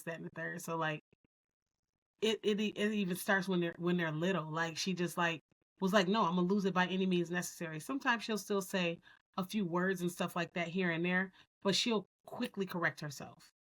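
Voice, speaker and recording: A woman co-hosting a podcast, speaking candidly and telling stories in an animated way. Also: lowish voice. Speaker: podcast co-host. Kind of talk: casual podcast discussion.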